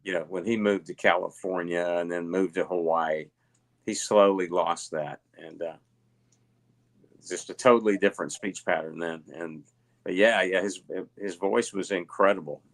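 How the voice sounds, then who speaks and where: A middle-aged man with a Southern US accent, telling stories at a relaxed pace with lots of fillers as a guest in an interview. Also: low voice, normal speed. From Alabama. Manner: rambling, relaxed storytelling with many fillers. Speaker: guest, illusionist. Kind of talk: casual interview chat.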